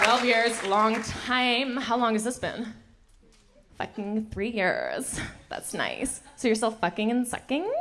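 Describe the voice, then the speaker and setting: A woman's voice: a little high, expressive, moderate pace, over a noisy crowd. A woman in her thirties doing a stand-up comedy set, punchy and laughing at her own jokes, recorded on a handheld mic at a comedy club. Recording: noisy live club recording.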